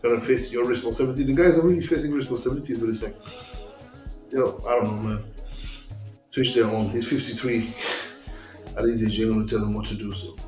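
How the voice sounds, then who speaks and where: A man's voice: mid-range voice, steady tone, fast talker, a little mellow, echoey room, faint music behind, rough recording. A man on a podcast as a guest in casual chat, blunt and worked up, often restarting his sentences.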